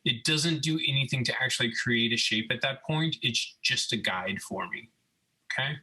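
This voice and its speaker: The speaker, a robotics instructor, narrates a screen-recorded CAD tutorial at normal speed in a mid-range, slightly rough voice. He takes a laid-back, step-by-step approach, punctuated by frequent "okay?" check-ins, and the recording is rough.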